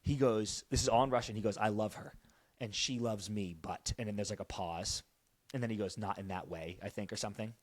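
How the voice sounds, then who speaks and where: A man co-hosting a podcast, excitedly recapping TV scenes in casual chat and often dropping his voice to quote characters. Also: brisk, no echo. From Canada. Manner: excitable, quotes dialogue in lowered voice, says dude. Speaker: podcast co-host.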